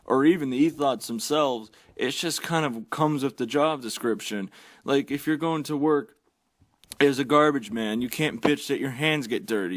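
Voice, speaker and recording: A man's voice: medium pitch, no room sound. A man delivering a blunt, heavily profane, exasperated rant as a vlogger.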